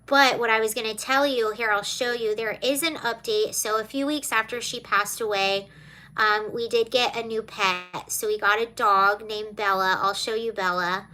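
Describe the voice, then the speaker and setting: Woman, livestream host, casual chat, tearful, bright voice, slightly high. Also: fairly even intonation, normal speed. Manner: emotional, tearful, talking to viewers.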